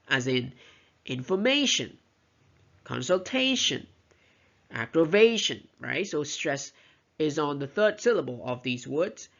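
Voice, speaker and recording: A woman's voice: low voice, creaky. A woman giving a recorded lecture on teaching pronunciation, explaining step by step and often checking in with "right?" and "you know". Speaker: teacher trainer. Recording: dull lo-fi recording.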